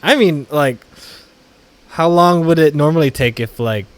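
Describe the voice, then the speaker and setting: A man's voice: a little high, unhurried, smooth. A man co-hosting a casual podcast, joking around, laughing and tripping over his words. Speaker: podcast co-host. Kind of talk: casual chat. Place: California.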